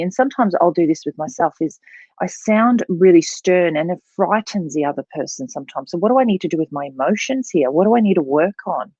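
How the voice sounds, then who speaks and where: A woman's voice: fairly low pitch, husky, dry recording, lo-fi sound. A woman who coaches voice and public speaking, explaining as an interview guest and showing voices as she talks. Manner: expressive, demonstrates voices while explaining.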